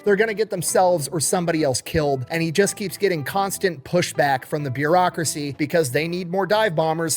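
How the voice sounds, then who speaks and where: A man casually telling a history story, animated, swearing and acting out the people he quotes. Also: fairly high pitch.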